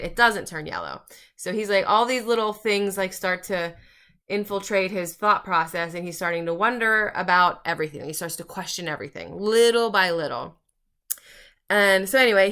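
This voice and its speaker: Young woman vlogger, casual book chat with acted-out dialogue, bright voice. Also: mid-range voice, smooth. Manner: chatty, many fillers, acts out quoted dialogue. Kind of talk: casual book talk while doing makeup.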